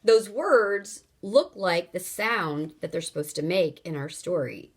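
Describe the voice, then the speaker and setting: A woman teacher reads a children's novel aloud very slowly and carefully. She pauses to explain words in a patient, explanatory way. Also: fairly low pitch.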